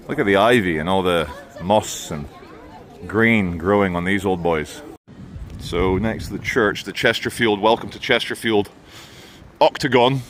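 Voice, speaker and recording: A man with a British English accent doing a walking vlog outdoors on a town high street, ranting sardonically with wry asides. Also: fairly bright tone, a little hiss or hum. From England. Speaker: vlogger.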